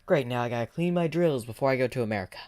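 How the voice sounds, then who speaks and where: A man voicing a matter-of-fact drill-wielding woman in a low-key voice. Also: animated, racing, darkish tone, close to an everyday voice.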